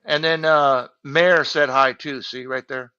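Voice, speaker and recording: Brief: older Hawaii man, bright tone, slightly dull audio. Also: mid-range voice, steady tone, a little slow, clear, resonant tone, no echo. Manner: laughing, agreeable. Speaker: livestream co-host. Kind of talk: casual chat.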